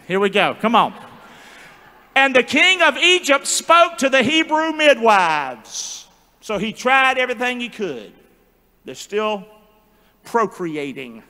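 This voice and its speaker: A male pastor preaching a sermon with animated call-and-response and joking asides in a large church. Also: high voice. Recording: long church hall reverb.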